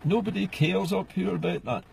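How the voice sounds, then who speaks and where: A man's voice: high voice, normal speed, creaky, a little mellow, slightly rough, poor audio. A middle-aged Scottish man ranting passionately from inside a car, firing off rhetorical questions as a political vlogger. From Scotland. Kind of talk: ranting to camera.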